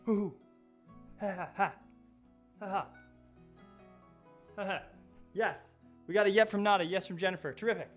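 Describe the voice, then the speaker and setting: A man's voice: sits high, moderate pace, long pauses, soft background music. A man hosting a live stream, chatting upbeat and a little out of breath as he talks straight to his viewers. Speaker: host of an educational live stream. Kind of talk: energetic live-stream talk to chat.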